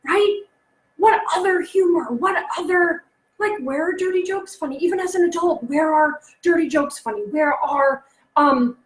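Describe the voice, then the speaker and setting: A chatty woman in her thirties gives a solo talk to parents and keeps acting out her son's silly jokes. Her voice sits high. The room around her is echoey. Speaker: presenter on parenting and humor. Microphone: close mic, alone presenting online.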